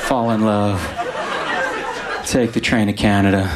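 A man doing stand-up comedy with slow, deadpan timing. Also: on the low side, over a noisy crowd. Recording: noisy live stage recording.

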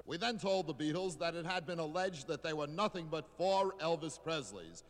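1960s radio reporter, lively announcer voice, roomy reverb. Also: male voice, a little high. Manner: brisk, formal announcer delivery. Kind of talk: vintage radio news narration.

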